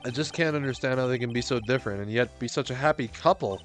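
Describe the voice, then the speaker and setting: A man voicing an earnest young defense lawyer in a game, in a low, deadpan mutter. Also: fast talker, soft background music, lightly acted. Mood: puzzled.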